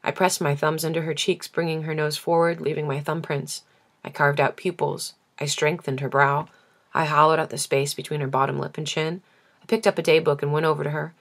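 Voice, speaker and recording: Low-voiced female reader for a measured, intimate novel reading. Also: flat delivery. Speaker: audiobook reader.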